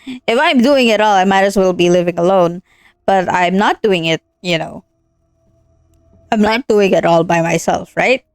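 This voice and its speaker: Young woman streamer, casual earnest rant, mid pitch, dry close mic. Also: normal speed, clear, resonant tone, no room sound. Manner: ranting, earnest, with laughs and many fillers. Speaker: streamer playing a visual novel. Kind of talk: casual gameplay commentary.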